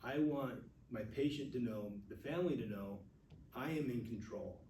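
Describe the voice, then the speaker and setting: Male nurse instructor, earnest and candid, mellow voice, echoey classroom heard from across the room. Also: medium pitch, normal speed, slight background noise. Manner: earnest, speaks openly about emotion. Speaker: first aid instructor, nurse. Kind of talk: classroom teaching with personal stories. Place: classroom with audience. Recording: echoey room recorded from far off.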